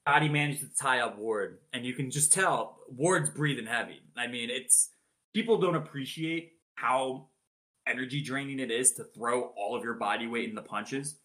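A man on a podcast retelling a boxing match blow by blow, animated and swearing freely. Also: medium pitch, moderate pace. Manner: animated, swears freely, acts out announcers' shouted calls. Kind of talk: casual storytelling chat.

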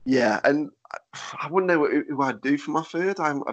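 A man hosting a podcast in casual chat, with a nasal, fairly monotone voice, swearing and laughing easily. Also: a little high, normal speed, highs cut off. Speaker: podcast host.

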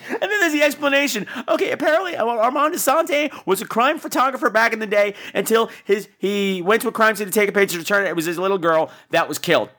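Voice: medium pitch, quick pace, pushed and bright. A podcast host ranting sarcastically about a bad movie, swearing freely and repeating words for emphasis.

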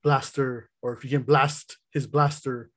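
A man's voice: medium pitch, flat delivery, unhurried, fairly bright tone. A man running a tabletop role-playing game as game master, laughing often and restarting his lines.

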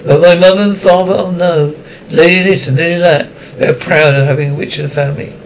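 A shrill, spiteful middle-aged woman rants with years of resentment, played by a man reading a storybook. Her voice rides high and shrieking. It sounds a little back from the microphone. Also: fairly even intonation, fast, recorded from a distance, slight background noise, close to an everyday voice, rough recording. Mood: bitter.

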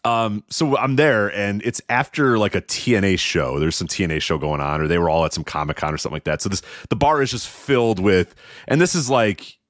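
A man with a Chicago accent talks in loose, rambling podcast banter, often breaking into laughs. His voice sits somewhat low, and the recording is dry and close with no room sound. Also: a little fast, fairly bright tone, no echo. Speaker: podcast co-host. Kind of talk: casual chat.

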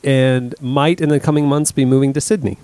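Laid-back male host, mid pitch, keeps the segments rolling, dry studio mic. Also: fairly quick, no echo. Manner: relaxed, moves segments along. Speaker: podcast host. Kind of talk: casual podcast chat.

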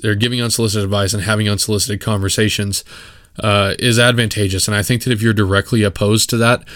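A man's voice: fairly low pitch, a bit bright, dry recording, studio quality. A man from West Texas, hosting a solo podcast, giving his opinions bluntly with many fillers and restarts. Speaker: podcast host. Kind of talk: casual solo podcast monologue.

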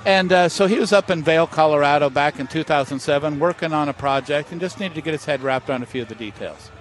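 A man's voice: on the high side, quick pace, slight background noise. A man, a master distiller, telling stories in an interview at an outdoor festival, acting out the voices of people in his anecdotes. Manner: animated storyteller, acts out voices. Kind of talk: storytelling interview.

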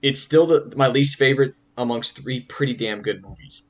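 Male podcast co-host, mid-pitched, casual and rambling, lots of restarts. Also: moderate pace. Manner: rambling, restarts sentences while hunting for words. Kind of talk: casual film discussion.

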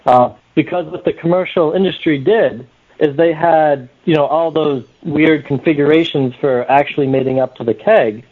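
Man, New Hampshire accent, plain-spoken guest, phone-line sound, slightly high pitch. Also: normal speed. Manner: plain-spoken, explains with many "uh" starts. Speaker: guest, small parts maker. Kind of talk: casual podcast chat.

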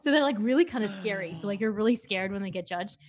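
A woman chats about television in a loose, rambling way, full of "like" and "you know". She sounds a little worn out, and her voice sits at a middle pitch. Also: fast. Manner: chatty, animated, lots of "like" and "you know". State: tired. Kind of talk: casual chat.

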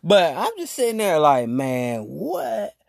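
A man's voice: fairly high pitch, wildly swooping pitch, slow, gravelly, dry recording, studio quality. A man hosting a podcast, telling a story to his listeners in a rambling, slang-filled casual monologue. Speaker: podcast host.

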